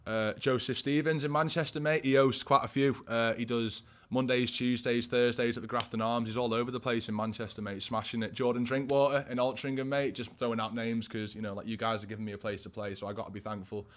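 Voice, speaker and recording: He talks fast with hardly any pauses, his mid-range voice fairly even in intonation. A Northern English guest musician in his twenties from Warrington, he's chatting casually, a bit tipsy after a pint, with plenty of slang and fillers.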